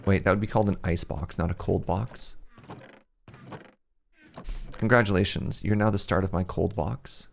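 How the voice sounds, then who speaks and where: A man's voice: low-pitched, fairly even intonation, normal speed, vocal fry, long pauses, slight background noise. A young man streaming a game, chatting casually and rambling, laughing at himself often. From Canada. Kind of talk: casual livestream chat while gaming.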